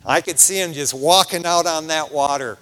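A man's voice: on the high side, moderate pace. A middle-aged man preaching a sermon in a casual, conversational way, often tossing in "man" as he talks. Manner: animated, conversational, peppers lines with "man". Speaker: pastor. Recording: long reverb of a large hall.

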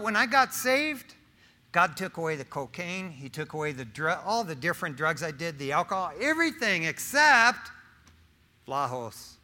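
In a high-pitched, pushed, bright voice, a middle-aged man gives a conversational sermon that includes personal testimony. He speaks right to the congregation, asking questions and using slang.

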